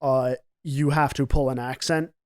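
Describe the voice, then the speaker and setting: A man's voice: mid-range voice, steady tone, a little slow, darkish tone. A man talking casually about running a tabletop game, rambling and swearing freely. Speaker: podcast co-host and game master. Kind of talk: casual chat.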